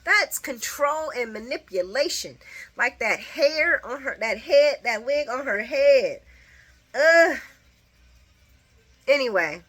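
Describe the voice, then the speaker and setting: A woman's voice: high-pitched, lively intonation, unhurried, fairly bright tone, breathy edge. A woman giving a casual, opinionated recap of a soap opera, laughing often and cursing.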